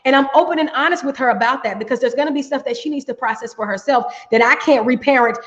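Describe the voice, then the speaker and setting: A woman's voice: high voice, fast. A middle-aged woman coach giving a healing workshop talk, emphatic, often checking in with "right?". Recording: echoey, dull room sound.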